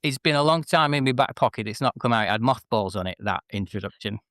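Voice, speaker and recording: A man's voice: medium pitch, lively intonation, fast talker, a bit bright, dry recording. Forties guy from northwest england, chatty and self-mocking, telling wrestling stories, dry close mic. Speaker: interview guest, former wrestler. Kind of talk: casual interview chat.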